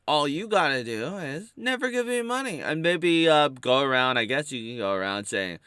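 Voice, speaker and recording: Bright rambling male vlogger. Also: mid-range voice, very animated, smooth, dry recording, clean studio sound. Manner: rambling, halting, playful wordplay. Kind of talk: casual unscripted monologue.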